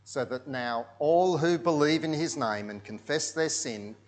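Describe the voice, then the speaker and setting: A man telling a story in a sermon over pictures, dropping into hushed tones and then rising loud and dramatic. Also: fairly high pitch, measured pace.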